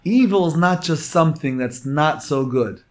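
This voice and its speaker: A man teaching a Torah lecture as a rabbi, emphatic and swinging between hushed and loud phrases. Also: on the high side, animated. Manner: slow, drawn-out emphasis.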